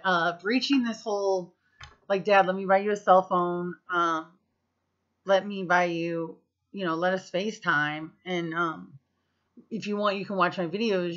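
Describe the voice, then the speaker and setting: Vlogger, woman, 30s, from the US; bright, punchy voice, casual and profane, slightly muffled audio. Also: on the low side. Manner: chatty, profane, full of fillers. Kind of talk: casual storytelling to camera.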